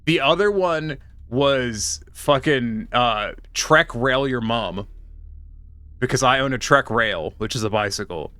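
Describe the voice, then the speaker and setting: A young man streaming a puzzle game, telling a rambling story with casual swearing and deadpan punchlines. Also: medium pitch, slow pace, no echo. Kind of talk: casual live-stream chat while playing.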